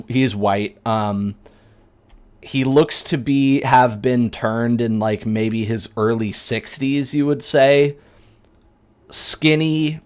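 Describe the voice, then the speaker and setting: A man narrating a tabletop game as game master, relaxed and often pausing on fillers. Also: mid-range voice, clean tone.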